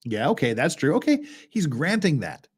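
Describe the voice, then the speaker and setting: A man with a fairly high, very animated voice talks through a blog post as a lawyer reacting to it. His delivery is conversational, and his pitch jumps around a lot as he adds exasperated asides. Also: moderate pace, husky. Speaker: lawyer commentator. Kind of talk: reaction commentary reading a blog aloud.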